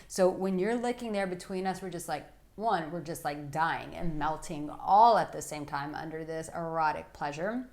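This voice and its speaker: A woman working as an intimacy coach, giving frank, playful instruction to men with animated asides. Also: medium pitch. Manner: blunt, playful and animated, with bursts of laughter and acted-out asides. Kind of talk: frank instructional talk to camera.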